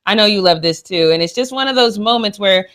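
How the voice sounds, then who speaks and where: Brisk and fairly bright, a woman's mid-range voice co-hosts a casual sports talk show. She laughs often and is gushing and emotional, with plenty of sassy trash talk.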